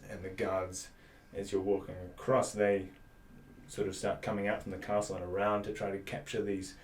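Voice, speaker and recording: A man's voice: lowish voice, completely flat delivery, a little fast. A man narrating a tabletop game as game master in a loose, meandering way. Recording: roomy, far from mic, noisy.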